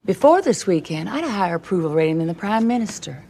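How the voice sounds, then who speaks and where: A woman's voice: on the low side, big pitch swings, quick pace, mellow. An actress playing a stern, imperious mother scolding her son in a film clip.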